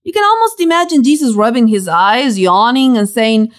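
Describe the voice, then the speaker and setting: A woman leads a Bible lesson in a bright, higher voice. She tells the story dramatically and her pitch leaps and drops all the time, so it stays lively. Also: normal speed. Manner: dramatic, animated storytelling with sudden pitch swings. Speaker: Bible teacher. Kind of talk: expressive Bible teaching.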